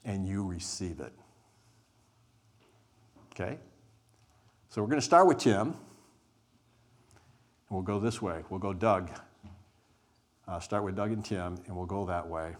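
A man with a very low voice guides a group through a spoken exercise. He talks deliberately, stressing key words and letting pauses sit. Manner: deliberate, emphatic, with weighted pauses; says he is an introvert. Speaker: group workshop leader.

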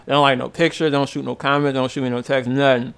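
Smooth-voiced young man, casual chat. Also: medium pitch, level tone, fast, a bit bright. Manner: loose, profane storytelling.

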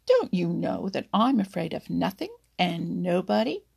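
A woman voicing a boastful, angry young male fox in a storybook reading, loud and taunting, with a gravelly, husky voice. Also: lowish voice, big pitch swings, unhurried, full character voice. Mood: blustering.

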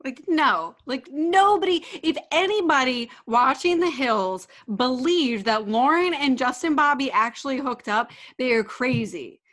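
A woman with a somewhat high voice, chatting on a casual podcast. She sounds incredulous and emphatic, leaning on "like" as she talks. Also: lively intonation, measured pace, few pauses, a bit bright. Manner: incredulous, emphatic, many "like" fillers. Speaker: podcast co-host. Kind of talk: casual recap chat.

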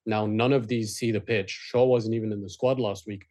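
A man with a lowish voice chats casually as co-host of a football podcast. He weighs his thoughts out loud, circling back and restarting sentences as he goes. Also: steady tone, normal speed.

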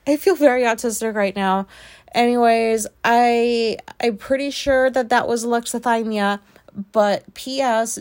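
A woman hosting a casual solo podcast, talking in a rambling, self-questioning way and swearing freely as she thinks aloud. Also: medium pitch. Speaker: podcast host.

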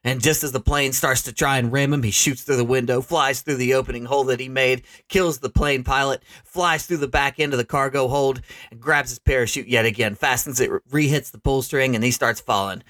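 A man narrates a ridiculous action-movie pitch in a middle-pitched voice, storytelling with gusto and breaking into laughter at his own jokes. The sound is dry and close to the mic. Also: fairly even intonation, fairly quick, hardly any pauses, fairly bright tone, no echo. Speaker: podcast co-host.

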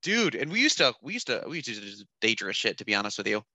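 A man's voice: mid-range voice, very animated, fast talker, pushed and bright, dry recording. A young man telling stories in casual podcast chat, loose and laughing, full of fillers.

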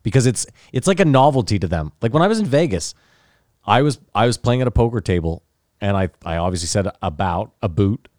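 Dry, low-voiced Canadian podcast man. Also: fairly quick, dry recording. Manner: animated, does voices in anecdotes. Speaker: podcast co-host. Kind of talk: casual banter, storytelling.

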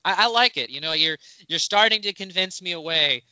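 A man's voice: high-pitched, lively intonation, brisk, sharp tone, smooth, dry recording, muffled recording. A man hosting a podcast, chatting casually and joking with his guest. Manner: joking, teasing. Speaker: podcast host.

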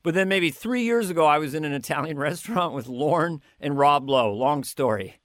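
An older man with a fairly high, bright-sitting voice tells showbiz stories in a casual interview. He talks in animated bursts, laughing and tripping over restarts. The sound is close and dry, with no room echo. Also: moderate pace. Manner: animated storyteller, laughing and stammering through anecdotes. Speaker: comedian guest.

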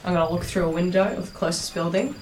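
A woman's voice: fairly low pitch, fast, darkish tone. A woman playing a tabletop game, speaking in a plain, matter-of-fact way with fillers. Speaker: player. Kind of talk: casual tabletop play. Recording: distant mic with clear background noise.

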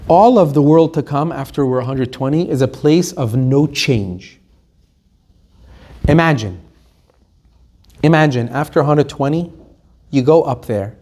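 A man's voice: on the high side, a little mellow. A man teaching a Torah lesson, telling stories emphatically and acting out the quotes. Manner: emphatic storytelling, acts out quotes.

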